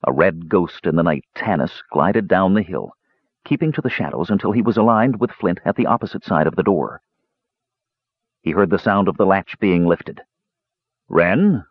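A man reading a fantasy novel aloud in measured storytelling narration. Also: slightly rough, no echo, dull audio. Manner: measured storytelling, lively pitch. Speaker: audiobook narrator.

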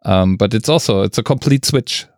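A man co-hosting a casual debate podcast, talking haltingly and often restarting his sentences. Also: lowish voice, darkish tone, no echo, studio quality. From Germany. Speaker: podcast co-host.

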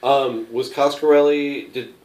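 A man's voice: medium pitch, steady tone, unhurried, darkish tone, roomy sound, low-quality recording. A man in a casual podcast chat, asking questions. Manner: asks questions.

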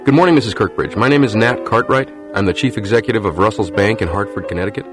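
Man reading a shrewd male bank boss, low voice, measured, guarded. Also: over music, natural voice.

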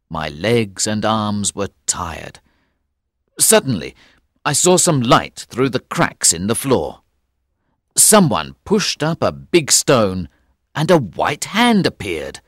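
A man narrating an audiobook in first person. His pace is very slow and his pitch sits low, but his intonation moves in lively arcs. The recording is dry and close. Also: dry recording. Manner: slow, clear storytelling.

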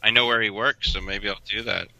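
A man co-hosting a podcast in casual chat, hesitant and musing as he thinks out loud. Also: lowish voice, fairly even intonation, a little fast, creaky, no room sound, poor audio. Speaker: podcast co-host.

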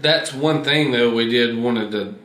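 A man hosting a podcast, asking questions casually and haltingly while he searches for words. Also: mid-range voice, fairly bright tone. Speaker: podcast host. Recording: roomy echo.

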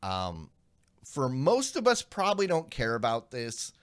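A man with a mid-range voice co-hosts a casual tech podcast. He explains news stories in a halting way, full of pauses and restarts. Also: mid-range voice, wildly swooping pitch, smooth. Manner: explanatory, hesitant, many ums and restarts. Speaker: podcast co-host.

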